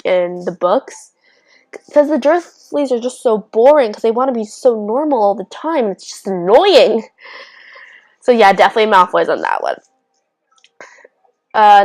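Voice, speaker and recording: A young woman chatting casually on her own vlog, answering would-you-rather questions with quick restarts, giggly asides and frequent self-interruptions. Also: medium pitch, rough recording. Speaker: YouTuber.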